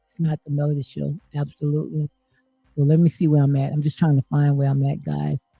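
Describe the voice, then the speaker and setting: A woman's voice: deep voice, monotone, brisk, vocal fry, dark tone, slightly rough, dull audio, soft background music. A woman hosting a live stream, reading viewer comments and answering in an emphatic, preachy way, full of folksy sayings and "honey.".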